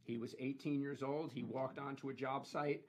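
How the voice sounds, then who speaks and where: A male podcast host leads a relaxed interview and keeps it light. He teases his guest and jumps in with quips and short remarks. His voice sits at an ordinary middle pitch. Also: slight background noise. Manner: joking, quick to tease and chime in.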